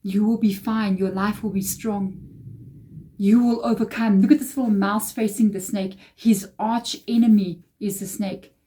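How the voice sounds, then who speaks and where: A woman's voice: mid-range voice, fairly even intonation, moderate pace, hardly any pauses, dark tone. Earnest, reassuring woman tarot reader. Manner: earnest, reassuring, repeats phrases for emphasis. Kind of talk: tarot reading addressed to viewers.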